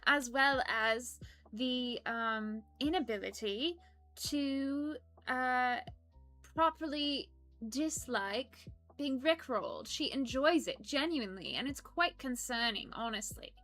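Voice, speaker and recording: A woman's voice: high voice, slow pace, fairly bright tone, soft background music. A woman voicing a prim, polite persona who reads live-stream chat aloud and apologizes often. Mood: prim chatty. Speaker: stream co-host reading chat.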